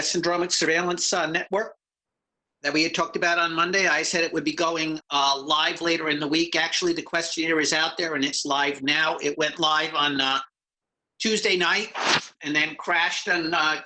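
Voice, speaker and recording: A man, a public health researcher, giving an update to a county meeting with many pauses and fillers. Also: a little high, bright, forceful tone, poor audio. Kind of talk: briefing a meeting.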